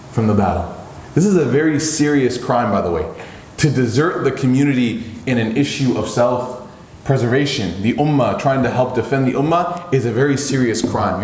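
Guy giving a sermon, talks quick, voice jumps up high in the emotional bits, roomy echo. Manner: animated storyteller, voice rising high when acting out pleas. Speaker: preacher. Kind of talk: sermon storytelling.

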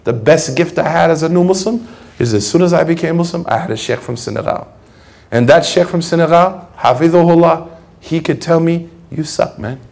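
A man giving a conversational, animated sermon, acting out the voices of people he quotes. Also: a little high, creaky. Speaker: preacher. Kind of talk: lecture sermon.

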